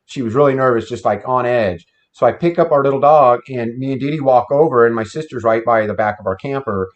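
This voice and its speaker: A man's voice: medium pitch, brisk. A man telling a story about his past in a casual, plain-spoken, folksy way. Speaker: guest telling an encounter story. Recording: dull lo-fi sound.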